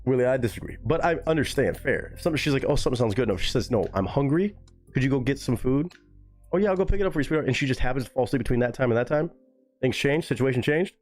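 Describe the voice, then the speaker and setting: A man hosting a live stream, reacting to chat comments in a casual, swearing way with high-pitched mocking asides. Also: fast, darkish tone, faint music behind.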